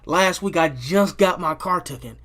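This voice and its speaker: Chatty man telling a story, voice sitting high. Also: moderate pace, a bit bright. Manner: loose and profane, with many restarts and "you know what I'm saying" tags. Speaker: vlogger telling a personal story. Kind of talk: casual storytime monologue.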